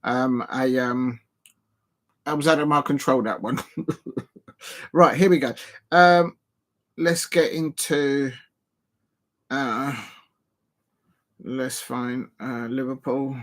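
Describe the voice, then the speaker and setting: Sitting near his desk microphone, a man chats about a football game on a live watch-along stream, rambling with lots of fillers, restarts and self-deprecation. His voice is medium-pitched and fairly bright. He takes it slowly, with long pauses.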